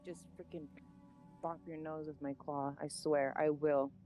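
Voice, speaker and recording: A woman player in a tabletop game, playful and quick to joke and laugh. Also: sits low, level tone, dark tone, faint music behind. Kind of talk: in-character tabletop role-play.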